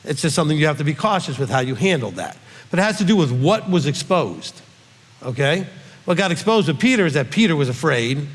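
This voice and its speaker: Middle-aged male teacher, emphatic Q&A delivery, slightly high voice, long hall reverb. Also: sing-song, fairly quick. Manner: emphatic, with frequent "okay?" check-ins. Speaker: rabbi teacher.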